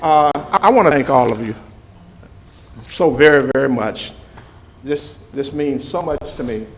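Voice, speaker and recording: A man's voice: mid-range voice, a little hiss or hum, low-quality recording. An older man from Mobile, a retired news anchor giving a heartfelt speech and telling joking stories. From Mobile, Alabama. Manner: slow, warm storytelling with joking asides.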